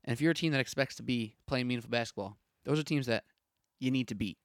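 Hosting a solo sports podcast, a young man goes on a punchy, opinionated rant, firing off rhetorical questions at a fast clip. His pitch is an ordinary middle, and the recording is dry and close with no room sound.

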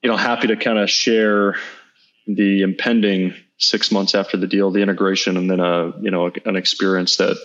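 A man in his thirties, a guest entrepreneur in an interview, telling a personal story in an earnest, halting way with small restarts. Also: low voice, level tone, fairly bright tone. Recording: slightly dull lo-fi audio.

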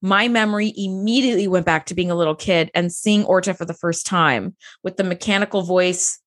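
A woman's voice: lowish voice, a little fast, fairly bright tone. A woman co-hosting a podcast, chatting casually as she recaps a TV episode and acts out lines in character voices. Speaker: podcast co-host.

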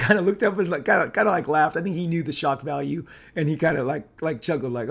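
A middle-aged man from Southern California, a comic book artist telling a casual anecdote, animated and rambling, with lots of fillers and restarts. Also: fairly high pitch, quick pace, gravelly, few pauses, slightly rough.

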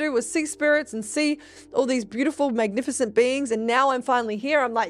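A young woman hosting a podcast, telling spiritual stories in a casual, profane, animated way that jumps into excited shouts. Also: fairly quick, soft background music. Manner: animated, profane, bursts into high excited shouts when reenacting. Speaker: podcast host. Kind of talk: casual storytelling monologue.

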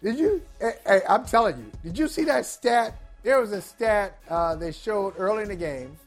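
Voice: mid-range voice, expressive, moderate pace, soft background music. A co-host in a casual sports debate, emphatic and incredulous, scolding in a mocking way.

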